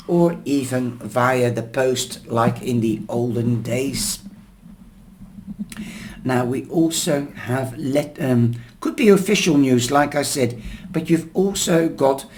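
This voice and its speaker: A man reading tea leaves and tarot, explaining each symbol unhurriedly with pauses and fillers, his voice going hoarse. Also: mid-range voice, a little mellow. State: losing his voice, coughing. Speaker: tarot and tea leaf reader.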